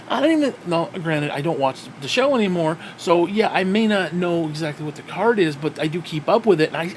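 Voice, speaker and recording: One more solo rant from the wrestling reviewer: high-leaning voice, lots of swearing, exasperated sighs throughout. The recording carries a slight hiss or hum.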